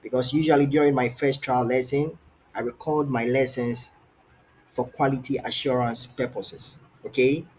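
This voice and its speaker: A man's voice: mid-range voice, steady tone, moderate pace, darkish tone, a little hiss or hum. A man teaching an online English trial lesson over a video call, encouraging and asking many questions, often repeating his phrases. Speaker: English tutor.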